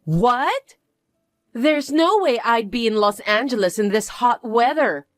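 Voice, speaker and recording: A woman's voice: on the high side, animated, a little slow, no echo, studio quality. A woman voicing a bratty, vain young stepsister who talks down to everyone in a haughty, demanding way. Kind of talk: dramatized story narration.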